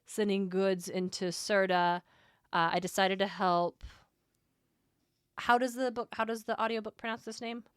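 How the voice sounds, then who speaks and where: A woman with a mid-pitched voice recaps a book chapter on a podcast in a relaxed, thinking-aloud way. She is recorded dry and close. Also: moderate pace, clean tone, dry recording. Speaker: podcast co-host. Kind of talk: casual book discussion.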